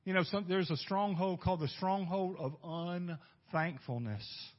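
A male pastor preaching a sermon, swinging from loud bursts to hushed asides and asking the congregation rhetorical questions. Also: high-pitched, unhurried. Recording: dull lo-fi recording.

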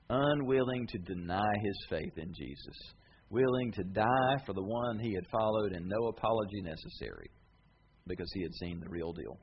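A male pastor giving a sermon, animated and conversational, acting out short voices as he tells stories. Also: on the low side, highs cut off, slight background noise.

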